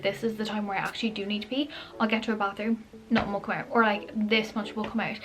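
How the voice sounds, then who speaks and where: A young woman, heavily pregnant and a little breathless, chatting casually and emphatically to camera as a vlogger. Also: fairly high pitch.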